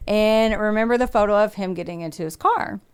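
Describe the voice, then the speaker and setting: Smooth-voiced woman telling a crime story. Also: medium pitch, a little fast, darkish tone. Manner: swears freely, acts out quotes, laughs often. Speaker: podcast host. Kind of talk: casual true-crime storytelling.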